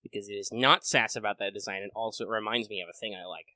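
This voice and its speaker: A man co-hosting a casual gaming chat, talking in an animated way with lots of swearing and quick impressions. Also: fairly low pitch, no room sound. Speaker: podcast co-host.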